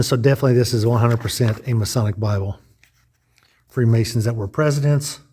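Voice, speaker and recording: A man's voice: medium pitch, fairly quick, darkish tone, slightly rough. Man musing aloud on a walkthrough. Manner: musing, thinks aloud with restarts. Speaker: vlogger touring a lodge. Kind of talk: casual walkthrough narration.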